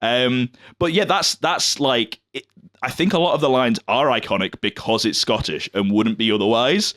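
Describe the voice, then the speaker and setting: Male podcast co-host, mid-pitched, rambling casual delivery full of fillers, recorded dry and close. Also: normal speed, a bit bright, dry recording. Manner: rambling, hedging with fillers and laughs. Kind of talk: casual movie chat.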